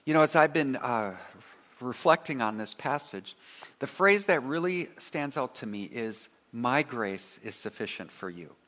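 A man preaching a sermon, earnest and emphatic, who leads his congregation in call-and-response and drops to a soft voice on key phrases. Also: mid-range voice, animated, a little slow. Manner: earnest preaching, rising to emphatic repetition then dropping soft. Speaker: pastor.

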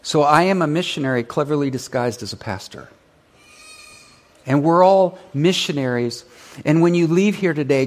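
A male pastor preaching an emphatic sermon to his church, now and then calling on the congregation to answer or read along. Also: fairly high pitch. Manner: emphatic preaching with call-and-response asides. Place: church sanctuary.

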